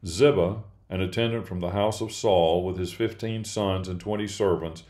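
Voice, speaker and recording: Man reading scripture, low voice. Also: steady tone, moderate pace, darkish tone. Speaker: scripture reader. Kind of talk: Bible reading.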